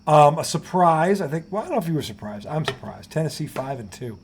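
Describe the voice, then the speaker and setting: A man's voice: a little high, very animated, quick pace, a little hiss or hum. Joking man co-hosting sports talk. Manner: jokey, laughs often, swears casually. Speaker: podcast co-host. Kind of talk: casual sports chat.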